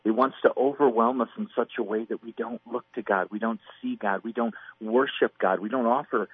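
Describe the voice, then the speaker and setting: A man's voice: mid-range voice, fairly even intonation, fairly quick, slightly rough, dry recording. A middle-aged man, a father, teaching from the Bible in an earnest, emphatic conversational way on a radio program. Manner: earnest, emphatic, acts out quoted pleas. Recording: dry, phone-like radio sound.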